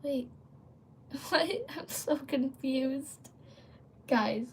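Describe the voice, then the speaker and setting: A woman's voice: high voice, very slow, slight background noise. Chatty rambling woman live-streaming. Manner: rambling, filler-heavy, often breaks off to read and answer chat. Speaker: livestream host. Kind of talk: casual livestream chat.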